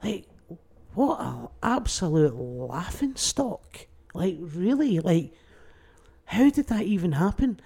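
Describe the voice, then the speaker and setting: Comic guest, slightly high for a man, rough fry in the voice, chatty and animated. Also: slow pace. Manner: animated, rambling, mimics people mid-story. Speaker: stand-up comedian guest. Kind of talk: casual podcast chat.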